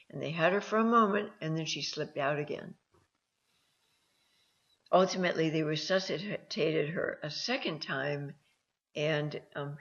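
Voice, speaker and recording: Slow, gravelly-voiced woman telling stories. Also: low-pitched, a bit bright. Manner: slow, halting, with many ums and restarts. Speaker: host and counselor. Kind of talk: personal storytelling talk. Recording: dull lo-fi sound.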